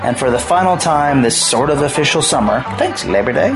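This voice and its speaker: A man's voice: medium pitch, lively intonation, fairly quick. Male comedy radio host, dry scripted banter, guitar bed underneath.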